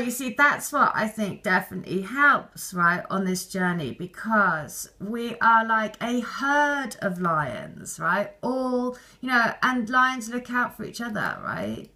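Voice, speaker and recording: A woman's voice: medium pitch, animated, slow pace, pushed and bright. Chatty, emphatic woman. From Britain. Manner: chatty, loose and emphatic, with frequent "right?". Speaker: spiritual reader and channel host. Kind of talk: casual chat reading out viewer messages.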